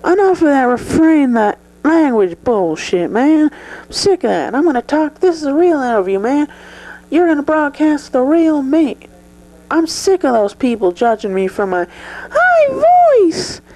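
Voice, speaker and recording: A brash, high-voiced male movie star, put on by a performer in a comedy sketch. He swears at every turn, drops "man" into every sentence and drawls along slowly. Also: sing-song, a little mellow, full character voice, rough recording. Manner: swears constantly and keeps saying "man". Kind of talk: improvised comedy sketch interview.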